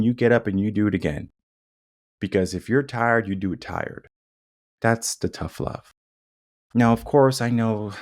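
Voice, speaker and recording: A young adult man hosts a podcast, delivering a casual monologue in an emphatic, repetitive way and acting out quotes in shifting tones. His voice is fairly low, at a moderate pace.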